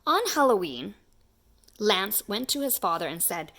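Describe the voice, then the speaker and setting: A woman reading a children's picture book aloud in an expressive, animated way. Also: mid-range voice, normal speed, creaky. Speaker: children's story reader. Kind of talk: storybook read-aloud.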